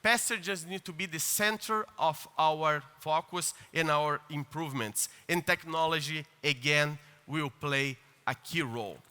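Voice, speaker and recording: A man's voice: a little high, a little slow, hardly any pauses, bright, forceful tone, clear, resonant tone. A man giving an earnest conference speech, with hesitant fillers and restarts. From Brazil. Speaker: conference keynote speaker. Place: large conference hall. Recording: long hall reverb.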